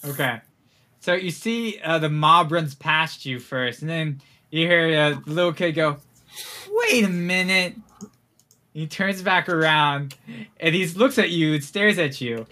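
A man narrates a tabletop role-playing session as game master, his voice a touch high and strikingly bright. He talks in a relaxed, halting way, stopping for fillers as he describes the scene.

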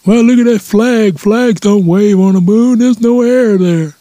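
A man's voice: high-pitched, unhurried, dark tone, no echo, pitched above the performer's own voice. A man mimicking a whiny man who doubts the moon landing.

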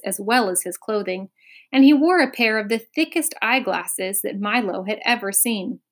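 A woman narrating a chapter of a children's storybook. Her delivery is expressive, with dramatic pacing, and her voice sits at a middle pitch. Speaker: audiobook narrator.

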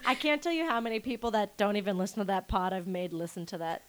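A woman's voice: mid-range voice, fast talker, smooth. A woman co-hosting a podcast in casual chat, gushing and swearing freely, with lots of "like". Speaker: podcast co-host.

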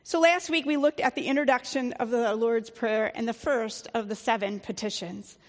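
A woman's voice: fairly high pitch, steady tone, moderate pace. Plain-spoken woman pastor in an echoing church. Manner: conversational, plain-spoken preaching with fillers. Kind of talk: sermon.

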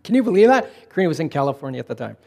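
Man, middle-aged, pastor, slightly high voice, relaxed sermon storytelling. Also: creaky. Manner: relaxed storytelling, slowing for emphasis. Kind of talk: conversational sermon.

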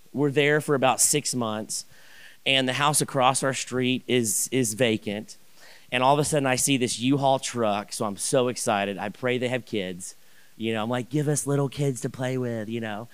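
An animated male pastor tells a personal story in a sermon, rambling with restarts and asides. His voice has an ordinary middle pitch, and he often rushes and speaks louder when he gets excited. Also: smooth.

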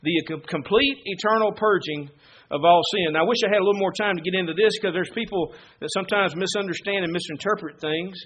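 A man preaching a sermon, moving from quiet Bible teaching to loud, fervent exhortation. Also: high voice, fast talker, lo-fi sound, slight background noise.

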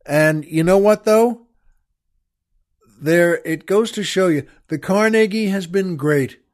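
This older talk-show host has a high-pitched, darkish voice and speaks slowly, telling a wry story that rambles, punctuated by small laughs and restarts, in a casual monologue.

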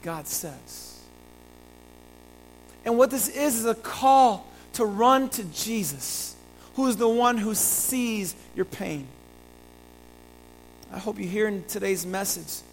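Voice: medium pitch, vocal fry, poor audio. A pastor preaching a sermon, earnest, repeating phrases and building to emphatic peaks.

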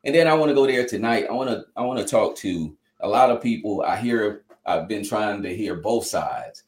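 A man's voice: lowish voice, animated, normal speed, darkish tone. A man speaking earnestly in an interview, heartfelt and preacher-like, with many "you know" fillers. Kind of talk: earnest conversational testimony. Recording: echoey room.

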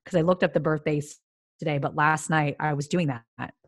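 A young woman co-hosting a podcast, chatting in a bubbly way and quick to exclaim. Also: low-pitched, steady tone, no echo, clean studio sound. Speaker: podcast co-host. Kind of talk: casual chat.

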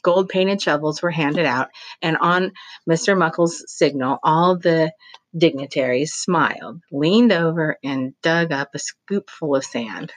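A teacher reads a novel aloud in a low, expressive voice, pausing now and then for her own brief asides. The sound is close and dry, with no room around it. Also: dry recording.

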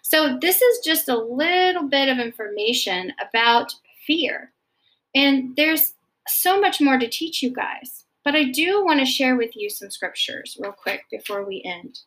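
Woman, middle-aged, faith-based counselor; gentle explainer, slightly high voice. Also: lively intonation, a little slow. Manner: explains gently, checks in with frequent "okay?". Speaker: Christian counselor teaching about anxiety. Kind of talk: faith-based teaching talk.

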